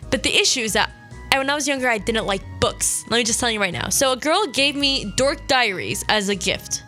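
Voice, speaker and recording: On her radio show, a young adult woman rambles casually through a personal story, full of "like"s and self-corrections, with an occasional sniffle. She speaks fairly quickly in a slightly high, sing-song voice with a sharp tone, and soft music plays underneath.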